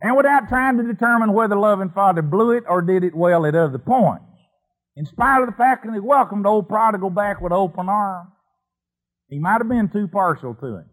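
Folksy male preacher telling a Bible tale, animated, with a fairly high voice. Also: normal speed, rough recording. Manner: folksy, animated, with colloquial asides. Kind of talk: folksy sermon storytelling.

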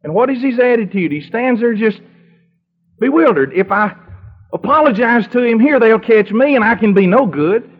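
Lively, high-voiced preacher telling a story. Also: male voice, normal speed, slightly rough. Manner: dramatic retelling with questions to the congregation. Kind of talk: storytelling sermon. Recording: dull lo-fi recording.

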